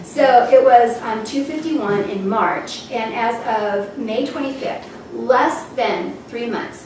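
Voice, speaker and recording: A woman shares her story at a gathering, her voice a touch high and heard from a distance. The room is very echoey, with clear noise underneath. She gets emotional and laughs through tears as she talks. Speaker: speaker at a health event. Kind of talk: personal testimony talk. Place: event hall.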